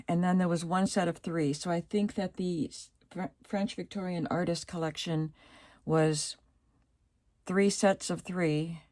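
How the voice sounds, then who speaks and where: Slow, low-voiced woman showing craft supplies. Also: dry recording. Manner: slow and chatty, softly admiring, thinking aloud. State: morning voice. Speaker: craft vlogger. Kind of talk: casual show-and-tell vlog.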